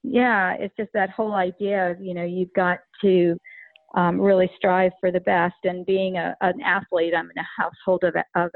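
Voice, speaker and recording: A woman's voice: on the low side, level tone, normal speed, no room sound. A middle-aged woman hosting a podcast, chatty and telling stories with lots of "you know". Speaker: podcast host. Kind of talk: casual interview talk. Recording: tinny phone line, dry.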